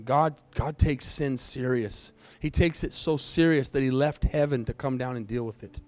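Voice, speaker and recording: A male pastor leading a fervent prayer and altar call in a church service, swinging between loud pleading and hushed, quiet stretches. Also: medium pitch, moderate pace, faint music behind. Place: church sanctuary, also streamed online.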